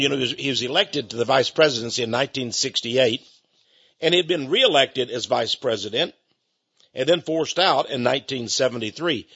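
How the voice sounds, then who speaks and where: A man hosting a radio ministry talk show, pitching a book and then commenting emphatically. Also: fairly quick, creaky, husky, lo-fi sound, soft background music. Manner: emphatic, animated delivery.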